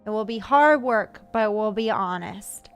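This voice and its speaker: A woman voicing a stalwart, fatherly male moose, reading slowly and evenly from a storybook. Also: mid-range voice, smooth, faint music behind, lightly acted. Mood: stern. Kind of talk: storybook read-aloud.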